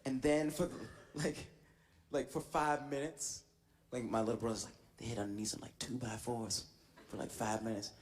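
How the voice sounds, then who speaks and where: A man's voice: mid-range voice, normal speed. A man doing stand-up comedy, telling a story and laughing as he goes. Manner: animated, laughing through his own story. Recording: noisy live stage recording.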